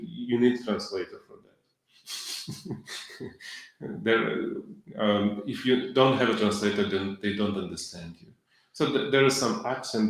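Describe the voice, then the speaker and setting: A middle-aged man delivers a devotional lecture in a low voice at a very slow, unhurried pace. His English is halting, with frequent fillers and restarts, and he chuckles between points. The sound carries heavy echo from a large lecture hall. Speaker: lecturer on scripture.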